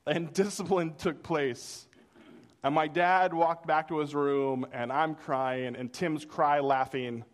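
A middle-aged man preaching a sermon, telling a childhood story with animated delivery and acting out the voices in it. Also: fairly high pitch, takes it slowly. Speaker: pastor.

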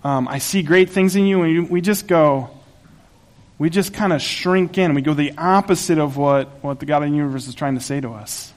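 A man's voice: fairly high pitch, brisk. A pastor preaching a sermon to his congregation in a conversational, humorous way, laughing at his own asides. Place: church sanctuary.

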